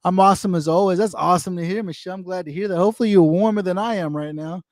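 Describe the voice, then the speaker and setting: A man talks casually into his microphone on a livestream, rambling and repeating phrases as he greets viewers by name. His voice sits a little high for a man. The sound is dry and close, with almost no room around it. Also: racing, no echo. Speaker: livestream host. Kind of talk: casual livestream chat reading viewer comments. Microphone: desktop microphone.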